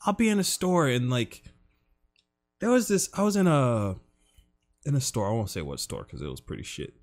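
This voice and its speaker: A man's voice: mid-range voice, very animated. A young man hosting a casual podcast chat, blunt and profane. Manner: blunt, swearing, quick reactions and laughs. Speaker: podcast host.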